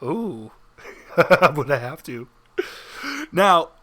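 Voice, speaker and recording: A male game master narrating a tabletop game in a bright, high and very lively voice. He is animated and jokey, laughing between lines. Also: drawn-out words.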